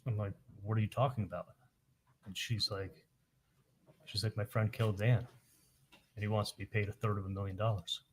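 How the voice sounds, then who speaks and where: Low-voiced man testifying in court. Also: flat delivery, breathy edge. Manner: halting, retells events with quoted dialogue. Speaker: witness testifying at a trial.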